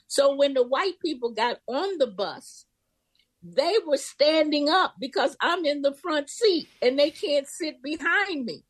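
A woman's voice: sits high, no room sound. An older woman from Memphis, a guest in an interview, telling her own memories and acting out the voices of people in them. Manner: vivid storyteller, acts out voices in quotes. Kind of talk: personal storytelling.

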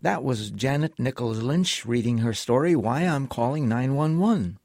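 Male host, lively pitch, gravelly, wry commentary, dry sound. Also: moderate pace, no echo. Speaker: radio host. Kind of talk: reflective program commentary.

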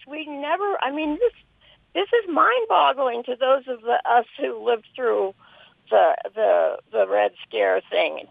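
A woman's voice: high voice, gravelly, no echo. An older woman calling in to a radio talk show, emotional and pleading as she speaks. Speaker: caller. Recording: phone line, lo-fi.

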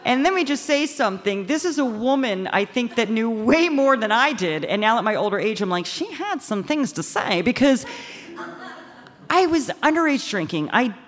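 A woman telling a lively, self-mocking first-person story on a live stage, often slipping into voices for the people in it. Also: a little high. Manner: animated, self-mocking, quick shifts into quoted voices. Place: live stage in front of an audience. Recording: stage mic with long hall reverb.

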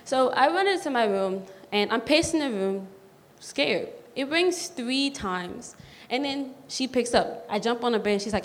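A teenage girl from New telling a personal story on stage, lively and youthful, with quick bursts of excitement. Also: fairly high pitch. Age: teens. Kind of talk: live storytelling. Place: community school event space. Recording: long hall reverb.

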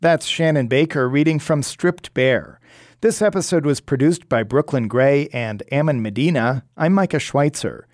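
A man hosting a public radio reading program, giving a calm, scripted introduction. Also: a little high, moderate pace, no room sound, studio quality. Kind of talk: scripted announcement.

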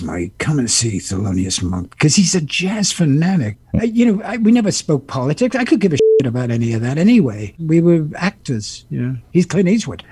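A man in his seventies, a guest actor and musician, telling animated stories with laughter and impressions in an interview. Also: a little high, breathy edge, no echo. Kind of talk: interview storytelling.

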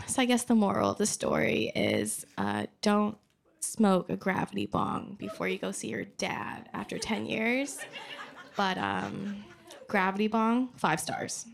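Gravelly-voiced woman telling a comic story. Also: medium pitch, very animated, a little slow, a crowd in the background. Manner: comic, conversational, laughing often. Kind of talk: live storytelling on stage. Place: live event stage.

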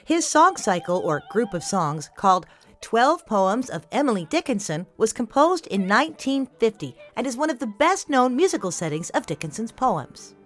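Very animated and a little high-pitched, a woman speaks at normal speed as host of a children's classical music podcast. Her scripted narration explains things cheerfully and simply for young listeners.

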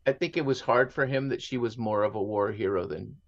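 A man's voice: on the low side, fairly quick, lo-fi sound. Reflective man slipping in Spanish words. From Mexico and San Diego. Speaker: author and interview guest. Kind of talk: conversational storytelling.

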